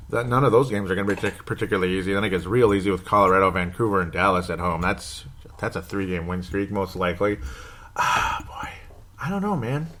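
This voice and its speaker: A man's voice: lowish voice, a bit bright. A man gives casual solo sports commentary as a podcast host, rambling and correcting himself, anxious and wry with frequent chuckles.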